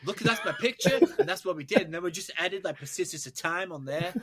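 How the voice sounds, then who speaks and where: A British podcaster mimics a rambling New York rock drummer who drones through the same story again and again. The voice sits noticeably higher than his own and drawls along, slow and pleased with itself. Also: lively intonation, crowd noise. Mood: drawling.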